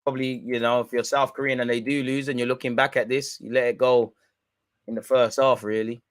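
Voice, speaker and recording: Excitable bloke doing match banter. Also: male voice, mid-range voice, a little fast, no echo. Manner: excitable, banter-heavy, swears. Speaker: football watch-along streamer. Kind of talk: live match reaction commentary.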